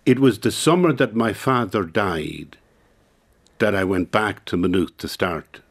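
Reflective Irish man, low voice. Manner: thoughtful, halting, many repeated words. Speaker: guest. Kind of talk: reflective personal interview. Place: radio studio.

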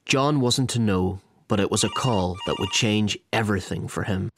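Low-voiced man narrating a documentary. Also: noisy background. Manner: measured, scripted. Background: music.

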